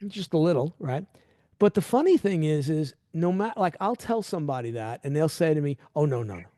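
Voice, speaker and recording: A middle-aged man hosting a podcast in casual chat. He tells stories with lively swings in pitch and acts out what other people said. His voice is mellow and dark, and it is recorded close and dry. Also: a little fast, no room sound. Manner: animated storyteller, acts out quoted dialogue. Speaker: podcast host.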